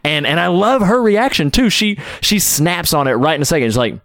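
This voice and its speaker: A man's voice: sits high, sing-song, fairly quick, few pauses, fairly bright tone, dry recording, studio quality. A man co-hosting a podcast, talking about a classic film with heartfelt enthusiasm. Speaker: podcast co-host. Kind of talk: casual film discussion.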